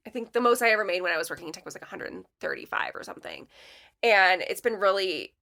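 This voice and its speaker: A woman's voice: on the low side, fast talker, gravelly. A woman guest on a podcast, chatting casually and telling self-deprecating stories about her design business, acting out what people said. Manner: animated, self-deprecating, acts out quotes with laughs. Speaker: podcast guest, letterpress studio owner. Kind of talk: casual storytelling chat.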